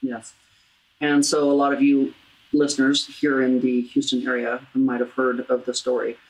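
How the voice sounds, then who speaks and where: Deep-voiced woman hosting an earnest talk. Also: completely flat delivery, poor audio. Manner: earnest, halting, with many restarts. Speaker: talk show host. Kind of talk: heartfelt interview about grief.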